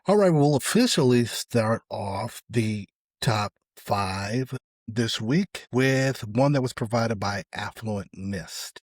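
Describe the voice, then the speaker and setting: A middle-aged man hosting a solo podcast, giving casual, opinionated commentary on social media posts. His voice often drops away quietly at the end of phrases. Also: medium pitch, lively intonation, slow pace, dry recording, studio quality. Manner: conversational, opinionated, trails off quietly at phrase ends. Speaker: podcast host.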